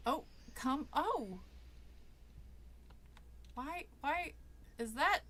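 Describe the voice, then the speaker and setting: A woman playing a horror game and commenting aloud, chatty and quick to laugh as she talks back at what she sees. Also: sits high, expressive, fairly bright tone. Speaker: video game streamer. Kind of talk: let's play commentary. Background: game music.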